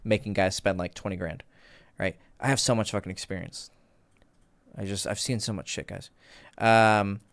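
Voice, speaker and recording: A man's voice: mid-range voice, fairly bright tone, dry recording, clean studio sound. A man in his thirties, a dating coach, telling a story in a rambling, profane way and often correcting himself. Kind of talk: casual storytelling.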